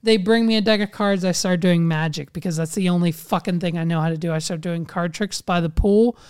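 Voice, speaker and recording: A man hosting a casual chat, telling a story in an animated way and swearing constantly. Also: sits high, brisk, smooth.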